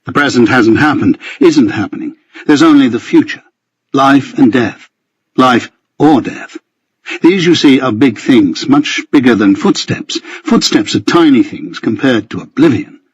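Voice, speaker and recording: A man with a husky voice narrating a first-person novel in a measured storytelling manner. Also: mid-range voice, animated, no room sound, lo-fi sound. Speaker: audiobook narrator.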